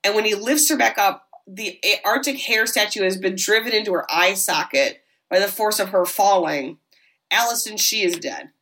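A woman's voice: medium pitch, moderate pace, poor audio. A woman co-hosting a podcast, casually retelling a horror film's plot and briefly acting out the characters' lines. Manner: animated, acts out characters' lines, swears casually. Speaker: podcast co-host recapping a horror film. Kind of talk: casual chat, storytelling recap.

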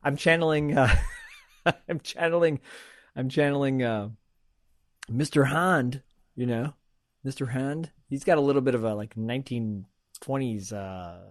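A man's voice: mid-range voice, no room sound, clean studio sound. A man co-hosting a podcast in casual chat, jokey and playful, laughing often. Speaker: podcast co-host.

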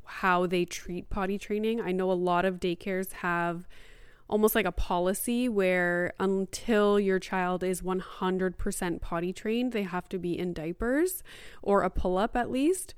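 A woman's voice: lowish voice, measured pace, clear, resonant tone, dry recording, studio quality. A woman in her thirties hosting a podcast, talking casually and chattily, full of "like" and "um", a little out of breath. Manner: chatty, heavy use of "like" and "um". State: mildly out of breath. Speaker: podcast host. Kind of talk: casual solo podcast talk.

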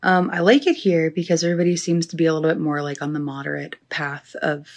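A woman's voice: low-pitched, flat delivery, fast. A woman who works as a barber, leaving a rambling voicemail question to a podcast. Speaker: caller, barber.

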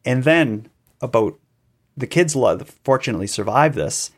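A man, a podcast guest in an interview, telling events at length and acting out quoted voices. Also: moderate pace. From Canada. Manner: animated storytelling, acting out quoted calls with rising pitch. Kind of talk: conversational interview.

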